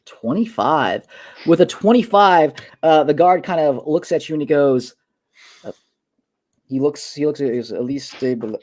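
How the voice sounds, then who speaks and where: A man narrating as game master in an online tabletop game, halting with many fillers and restarts. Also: fairly high pitch, animated, darkish tone. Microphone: online voice call.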